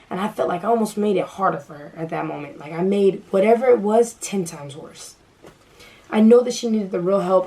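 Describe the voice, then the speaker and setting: Animated young woman telling a story. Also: fairly low pitch, low-quality recording. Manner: animated, filler-heavy, acts out quoted dialogue. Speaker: vlogger. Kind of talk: storytime, casual retelling.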